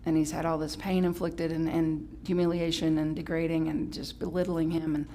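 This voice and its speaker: Woman pastor delivering a casual, animated Sunday sermon; playful and conversational with a faint hum behind her. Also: normal speed. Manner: animated and playful, with sudden high exclamations; chatty, with restarts and self-correction. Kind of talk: live-streamed Sunday sermon.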